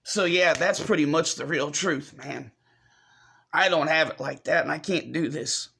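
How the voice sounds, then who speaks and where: Choked-up man with a gravelly voice. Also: on the high side, bright, forceful tone. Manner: halting, repeats himself, apologetic, talks straight to viewers. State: choked up, fighting back tears. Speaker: vlogger. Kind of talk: confessional vlog update.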